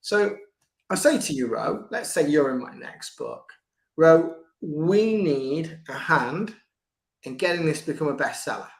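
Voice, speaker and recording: An older man who works as a book coach speaks in a conversational interview, lively and often restarting his sentences, sometimes acting out the voices he quotes. His voice is fairly high, gravelly, and a little slow. The room is echoey.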